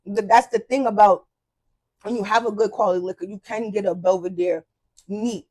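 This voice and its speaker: A woman's voice: medium pitch, fairly even intonation, normal speed, a little mellow, low-quality recording. A woman hosting a podcast, chatting casually and giving opinions in a teasing way. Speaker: podcast host. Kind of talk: casual chat.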